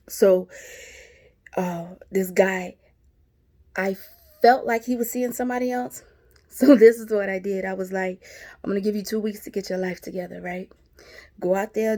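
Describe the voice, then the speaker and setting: A vlogger with a mid-range, darkish voice casually tells her viewers a story. She's chatty and laughs as she talks, calling them y'all and sis.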